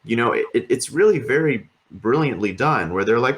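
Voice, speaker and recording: A man's voice: mid-range voice, animated, normal speed. A man co-hosting a podcast, chatting casually and rambling with lots of fillers and casual swearing. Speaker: podcast co-host. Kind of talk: casual chat.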